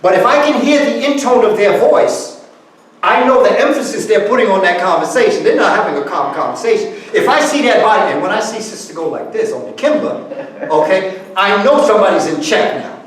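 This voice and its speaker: Animated man lecturing in an echoey room. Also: sits high, brisk, a little hiss or hum. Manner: animated, acts out example phrases, coaxes audience to join in. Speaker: guest speaker. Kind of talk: lecture to a live audience. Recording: echoey room, far from the mic.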